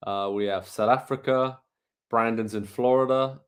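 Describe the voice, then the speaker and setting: Speaking at normal speed, this Englishman has a mid-range voice with fairly even intonation. He co-hosts a live online watchalong of a match, keeping up a casual chat as he calls the action and reads out what viewers say.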